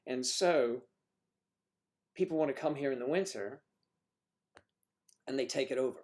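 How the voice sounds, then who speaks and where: A man's voice: medium pitch, measured pace, a little mellow. A man hosting a casual livestream, chatting and joking while answering viewer comments. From northern United States. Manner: chatty, jokey, reads viewer comments aloud. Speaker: livestream host.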